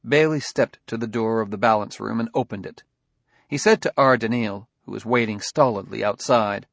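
A man reading a story aloud in an even, measured narration. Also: on the low side, gravelly, no room sound. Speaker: audiobook narrator. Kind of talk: scripted narration.

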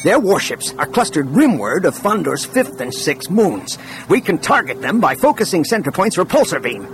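A man's voice: fairly high pitch, big pitch swings, moderate pace, music in the background, voice pushed up. A man voicing a wild-eyed, scheming man who presses his point urgently.

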